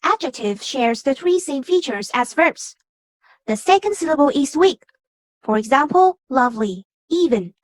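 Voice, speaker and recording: A young woman from Vietnam, a student, reading a class presentation on word stress in a measured, explanatory way. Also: high-pitched, lively intonation, no echo. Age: young adult. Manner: measured, explanatory, reads from a script.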